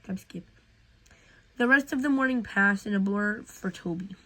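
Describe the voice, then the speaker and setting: A woman's voice: mid-range voice, normal speed, a bit bright, rough recording. A woman reading a fan fiction story aloud in a casual way, with slips and restarts.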